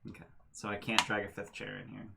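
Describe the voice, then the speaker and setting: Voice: deep voice, completely flat delivery, quick pace, gravelly, crowd noise. A tabletop player chatting casually and hesitantly, with many likes. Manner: hesitant, filler-heavy talk. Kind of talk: casual chat around a tabletop game.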